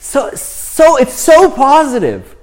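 A man's voice: very high voice, huge pitch swings, slow pace. A man, a young priest, giving an informal, chatty talk on prayer, often checking in with "right?" and "you know".

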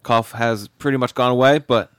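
A man's voice: medium pitch, fairly even intonation, moderate pace, smooth, no echo, studio quality. A man co-hosting a podcast in casual chat, congested from a cold and often exasperated. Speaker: podcast co-host.

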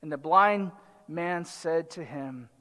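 A man preaching a sermon, reading scripture and explaining it in an animated way, acting out the voices of the crowd. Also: a little high, takes it slowly. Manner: animated, dramatizes the crowd and the blind man in quotes. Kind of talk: expository sermon. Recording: long hall reverb.

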